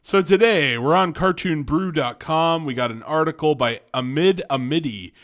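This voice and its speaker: A man's voice: a little high, normal speed, fairly bright tone. A young man in casual reaction commentary, rambling, correcting himself and laughing often. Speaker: YouTube commentator.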